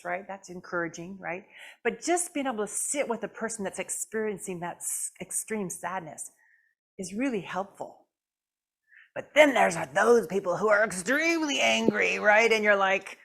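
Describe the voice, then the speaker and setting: A woman guest speaker delivers a conversational sermon in a church. Her delivery is lively and animated, and she puts questions straight to the congregation. She drops into quick little voices when she quotes other people. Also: mid-range voice. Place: church sanctuary.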